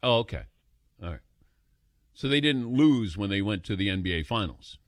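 A man's voice: on the low side, moderate pace, no echo, clean studio sound. A man hosting a sports call-in radio show, telling stories with chuckles and taking calls. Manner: animated storyteller, chuckles while telling.

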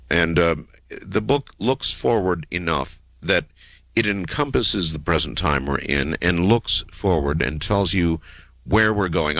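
A man hosting a call-in radio show lands his words in wide, swooping lines and lingers on them for drama. His voice is bright and cutting, and the studio around him sounds dry and close. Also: sits low, vocal fry, dry recording. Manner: dramatic, drawn-out delivery with wide swings. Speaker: radio talk show host. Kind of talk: late-night call-in radio.

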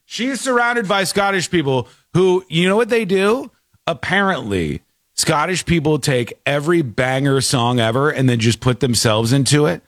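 Animated man hosting, dry sound. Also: on the high side, normal speed, dry recording. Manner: animated, jokey storytelling. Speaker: show host. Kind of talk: comedic commentary on a news clip.

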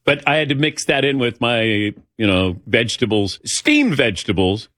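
A man's voice: mid-range voice, sing-song, moderate pace, fairly bright tone, dry recording, studio quality. A middle-aged man hosting a talk show, telling a personal story in a rambling, anecdotal way and acting out the dialogue.

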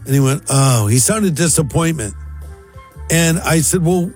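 A man's voice: on the high side, unhurried, husky. A male pastor telling a story and acting out both sides of a conversation, with faint music underneath. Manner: animated, acts out both sides of dialogue. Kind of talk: storytelling talk.

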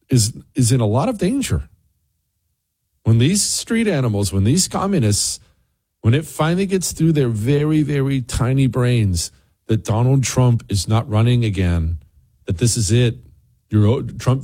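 A man's voice: mid-range voice, lively intonation, normal speed, dark tone, husky. A man hosting a political talk show, delivering an indignant, ranting commentary monologue.

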